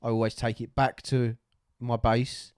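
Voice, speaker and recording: A man's voice: mid-range voice, flat delivery, unhurried, darkish tone, clean tone, dry recording, studio quality. A man co-hosting a podcast, casual chat, rambling and jokey with loose swearing. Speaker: podcast co-host.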